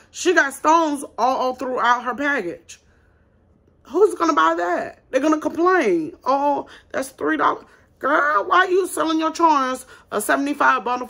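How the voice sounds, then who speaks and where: A woman who runs her own small business hosts a casual advice vlog, addressing viewers directly in a blunt, emphatic way. Her voice sits high and has a sharp tone.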